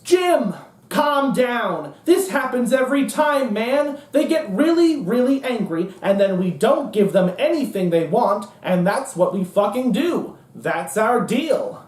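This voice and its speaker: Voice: medium pitch, very animated, unhurried, darkish tone, roomy sound, far from the mic. A stage monologuist voicing a dismissive older male party strategist who scoffs brashly. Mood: scoffing.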